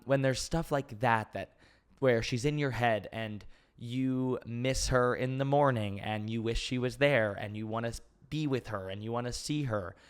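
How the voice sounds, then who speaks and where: A man's voice: medium pitch, clean tone. A man in his twenties hosting a casual podcast Q&A, rambling openly with many fillers and restarts. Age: 20s. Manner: open and emotional, laughs easily. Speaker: podcast host. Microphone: podcast mic.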